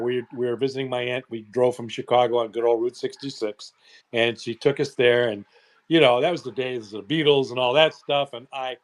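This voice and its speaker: A man in his seventies reminiscing in a casual chat, unhurried, with frequent pauses. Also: mid-range voice.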